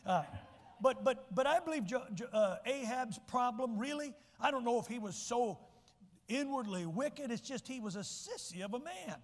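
A man's voice: very high voice, expressive, normal speed. A man preaching a sermon as pastor, folksy and emphatic, often repeating words as he restarts. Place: church sanctuary. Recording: church hall reverb.

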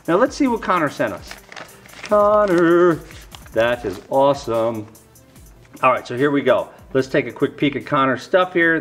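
Excitable middle-aged man. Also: medium pitch. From New York. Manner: excitable, exclaims over each card. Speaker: YouTube host. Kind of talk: casual unboxing vlog.

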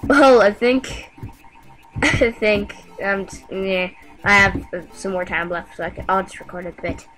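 A woman giving casual gameplay commentary, excitable and talking back to the game with frequent yelps and exclamations. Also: medium pitch, unhurried, soft background music, poor audio. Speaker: gamer.

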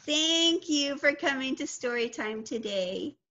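A woman's voice: high-pitched, lively intonation, measured pace, pushed and bright. A woman reading a children's picture book aloud at storytime, in a sing-song way, making the animal sounds herself. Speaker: storytime reader. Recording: muffled lo-fi recording.

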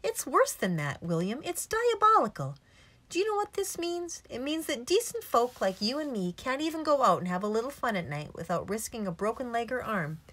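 A woman's voice: lowish voice, expressive, normal speed. A woman reading aloud, voicing a mischievous, talkative little old male country doctor. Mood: outraged. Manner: chatty, mischievous storytelling. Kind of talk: audiobook character reading.

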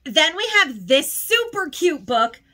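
A woman gushes emotionally in a casual haul video, sometimes close to tears. Her high-pitched voice is very animated and sharp, yet she speaks slowly.

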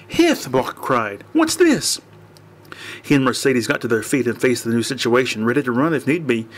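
This is a man reading a strange comic tale aloud at a mid pitch. He trips over words and goes back to fix them, then carries on without fuss. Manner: unpolished reading with frequent restarts and self-corrections. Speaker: audiobook narrator.

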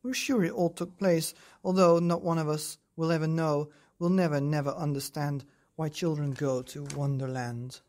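A podcast host reading a rhyming storybook aloud at bedtime, with a lively, rhythmic delivery. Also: mid-range voice, moderate pace, few pauses.

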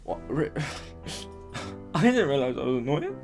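A man's voice: mid-range voice, wildly swooping pitch, measured pace, pauses often, darkish tone, faint music behind. A young man answering viewer questions in a casual vlog at his mother's home, rambling and joking, swearing and laughing often. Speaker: YouTuber.

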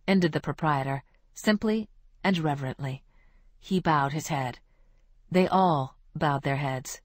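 Woman, storybook narrator, measured, clear, slightly low voice, dry close recording. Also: no room sound. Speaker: audiobook narrator.

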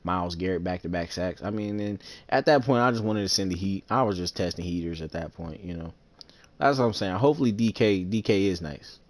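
Low-voiced trash-talking young man streamer. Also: brisk, no echo. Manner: trash-talking, boastful, slangy, breaks into falsetto singing. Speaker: gaming streamer. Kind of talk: casual gaming commentary.

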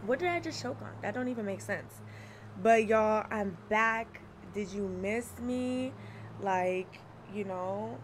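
A young woman chats to her stream at a middle pitch, easygoing and talkative. She laughs often and calls out viewers by name. A faint hum of noise sits behind her desk mic. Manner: chatty, laughs often, greets chat by name. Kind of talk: casual livestream chat.

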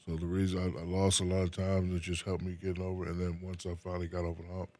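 A man from New Jersey, a guest in a casual interview, talking in a relaxed way and often repeating his first words. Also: low-pitched, quick pace.

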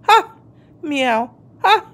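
A woman's voice: high voice, big pitch swings, measured pace, pitched above the performer's own voice, full character voice. A woman voicing a smug, sneering female cat in a storybook, meowing as she mocks.

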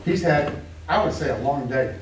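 Male pastor, high-ish voice, emphatic sermon delivery, roomy church sound. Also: animated, moderate pace, a little hiss or hum. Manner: emphatic, repetitive preaching with rhetorical questions. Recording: echoey room, heard from a distance.

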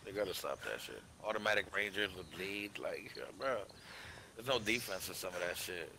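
A man's voice: sits low, lively intonation, fairly quick, gravelly, sharp tone, a little hiss or hum. A man in casual voice chat with fellow gamers, talking bluntly and emphatically with lots of swearing. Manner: profane, emphatic.

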